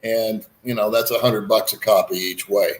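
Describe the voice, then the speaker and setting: A man's voice: fairly low pitch, steady tone, normal speed. A man hosting a casual chat, talking in a rambling, frank way with folksy asides. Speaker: host.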